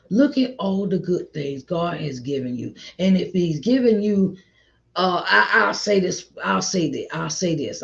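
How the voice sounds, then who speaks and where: Middle-aged woman giving encouraging faith talk. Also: low-pitched. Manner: repetitive, encouraging, calls listeners child and honey. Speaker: host. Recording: slightly dull lo-fi audio.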